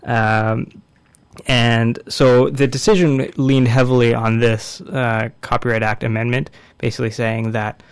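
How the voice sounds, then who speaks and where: A man in casual discussion, explaining a court case in a measured way with frequent fillers. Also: medium pitch, level tone, clean tone, dry recording.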